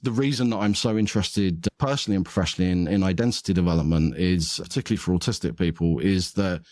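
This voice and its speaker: Man, low voice, dry close sound, thoughtful explanatory podcast guest. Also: darkish tone, dry recording. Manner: thoughtful, explanatory, with occasional laughs. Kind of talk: conversational interview.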